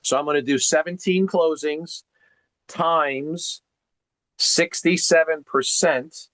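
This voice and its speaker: A man coaching on a video call in an emphatic, teacherly way, his voice sitting a little high. The sound is dry and close, with no room behind it. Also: fairly even intonation, slow, fairly bright tone, no echo. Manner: emphatic, teacherly, uses rhetorical questions.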